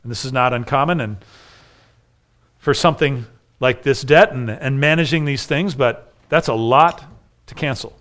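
A middle-aged man preaching a sermon, telling a story with animated voices for the figures. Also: mid-range voice, moderate pace. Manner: animated storytelling, acts out dialogue. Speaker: pastor.

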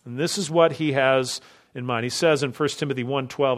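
A man's voice: medium pitch, animated, a little fast. A man preaching an expository sermon, driving his points home with emphatic strings of rhetorical questions. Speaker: pastor.

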